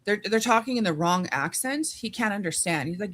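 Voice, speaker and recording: A woman's voice: mid-range voice, expressive, fairly quick, a bit bright. A woman co-hosting a podcast, throwing in blunt, outraged remarks in casual chat.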